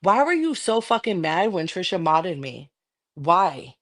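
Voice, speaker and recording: A woman's voice: on the low side, big pitch swings, measured pace. A livestreaming woman in a heated, profane, confrontational rant aimed at a rival.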